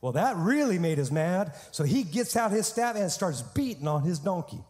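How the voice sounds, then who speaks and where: Animated high-voiced male preacher. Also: moderate pace, long reverb tail. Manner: animated storytelling with humor. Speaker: pastor. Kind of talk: sermon.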